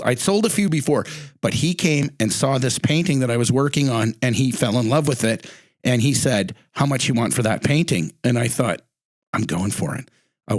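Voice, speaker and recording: Middle-aged male host, chatty storyteller, mid pitch, dry sound. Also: lively intonation, moderate pace, dry recording. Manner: chatty storyteller, acts out quotes with big pitch jumps. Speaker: podcast host. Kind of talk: casual chat.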